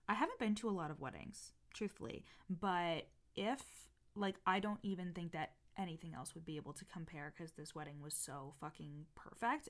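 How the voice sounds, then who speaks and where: A young woman hosting a casual, unedited podcast, gushing and swearing freely with lots of "like" and "um", her voice a little off today. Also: on the low side. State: voice a bit off. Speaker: podcast host and coach.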